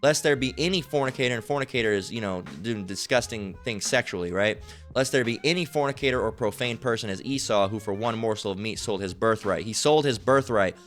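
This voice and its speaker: Man, informal Bible teacher, rambling, swears often, repetitive, medium-pitched voice, soft music underneath. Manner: rambling, repetitive, profane, keeps asking "all right?"; reads scripture aloud slowly.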